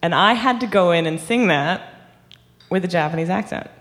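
A woman guest singer chatting casually, telling a story with lively energy and frequent laughs. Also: lowish voice, moderate pace, long reverb tail. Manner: animated storyteller, laughs often. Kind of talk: casual chat.

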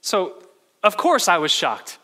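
Male pastor, bright tense voice, chatty sermon full of restarts, echoing church hall. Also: high voice, wildly swooping pitch, slow. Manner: storytelling with many restarts. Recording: long hall reverb.

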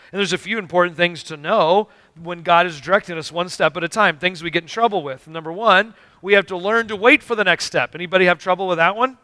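A male pastor delivers a sermon with a bright, forceful tone and a fairly high pitch. He tells stories earnestly, acting out the lines of dialogue. The sound is close and dry. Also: fairly quick, hardly any pauses, dry recording. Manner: storytelling with acted-out dialogue, earnest and emphatic. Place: church sanctuary.

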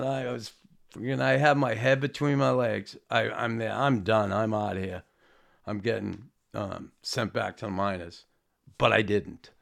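A man, a former hockey player, telling old stories in a rambling, halting way with casual swearing. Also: on the low side, gravelly. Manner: rambling, halting, with frequent restarts and fillers; swears casually, self-deprecating. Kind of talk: casual storytelling.

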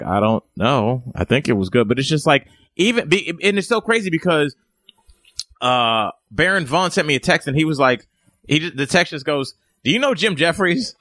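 A man's voice: on the high side, pushed and bright, dry recording, studio quality. A man who is a comedian telling rambling stories with restarts and swearing in a casual chat.

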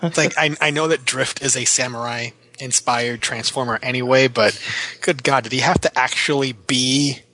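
Bright-voiced man riffing on a movie. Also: mid-range voice, steady tone, moderate pace, slight background noise, poor audio. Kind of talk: casual movie review chat.

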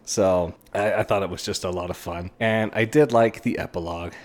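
Rambling low-voiced man hosting a book podcast. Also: normal speed. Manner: rambling, animated, acts out characters' lines. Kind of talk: casual solo book review.

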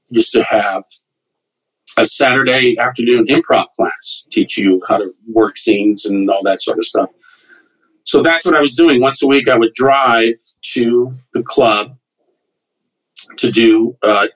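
A man's voice: medium pitch, low-quality recording. A man, a comedian guest, telling loose anecdotes with fillers and restarts in a casual interview.

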